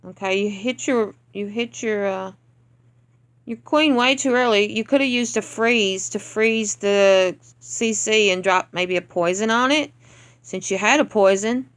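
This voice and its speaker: A woman's voice: medium pitch, a little slow, clean tone. A woman leading a gaming clan, giving casual commentary over gameplay in a blunt, exasperated rant. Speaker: clan leader reviewing game attacks.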